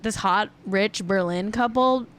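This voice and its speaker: Smooth and a little slow, this medium-pitched woman's voice belongs to a celebrity gossip show host on a livestream. Her talk is casual and rambling, with self-corrections along the way.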